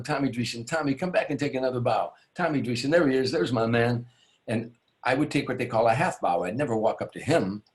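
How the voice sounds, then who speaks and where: A man, a stand-up comedian, telling a long show-business anecdote as an interview guest. He rambles, restarts his sentences and acts out the people in the story. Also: on the low side. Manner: rambling, with many restarts and asides.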